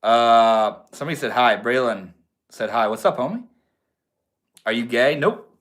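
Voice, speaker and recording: A man's voice: medium pitch, animated, moderate pace, fairly bright tone. A young man from Maine hosting a casual livestream, chatting in a slangy, laid-back way and answering viewers. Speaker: livestream host.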